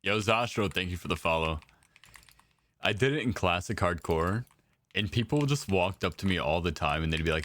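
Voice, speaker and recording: A man's voice: low-pitched, animated, normal speed, a bit bright, a little hiss or hum. A young man chatting casually with viewers while he plays, laid-back and slangy. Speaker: game streamer. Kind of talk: casual live-stream chat.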